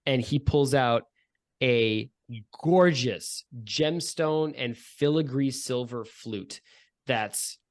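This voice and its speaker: A man's voice: mid-range voice, takes it slowly. A man running a tabletop game as game master, describing scenes loosely with many fillers and asides.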